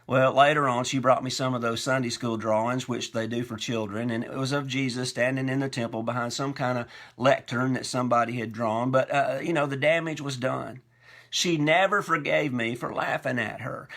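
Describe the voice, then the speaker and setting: A male pastor telling folksy stories from the pulpit with a self-deprecating touch. His voice has a gravelly, creaky texture and a bright, forward tone at an ordinary male pitch. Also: normal speed. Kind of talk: storytelling sermon.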